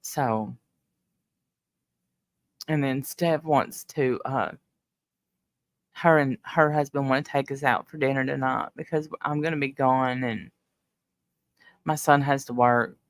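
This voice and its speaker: A middle-aged woman hosting a casual livestream, getting teary and emotional as she talks warmly with her viewers. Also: rumbling low, slow, pauses often. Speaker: livestream host.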